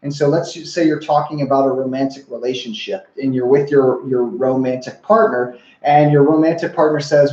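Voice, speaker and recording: A man's voice: mid-range voice, fairly even intonation, brisk, hardly any pauses, warm tone, roomy sound, highs cut off. A young adult man, a relationship coach, teaching listening skills in an earnest, repetitive way and often putting questions to the viewer. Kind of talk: whiteboard-style teaching talk.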